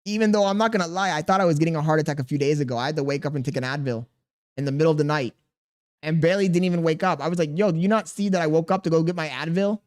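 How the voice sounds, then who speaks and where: Male streamer in his thirties, a touch high-pitched, reads chat and vents, defensive and exasperated. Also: racing, darkish tone. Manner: exasperated, defensive venting with slang. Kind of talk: live-stream chat reading.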